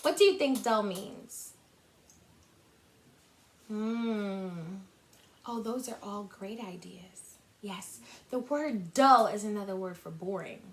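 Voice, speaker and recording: A woman's voice: medium pitch, slow, long pauses. A woman teacher reading a picture book to young children in a sing-song, encouraging way. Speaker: kindergarten teacher.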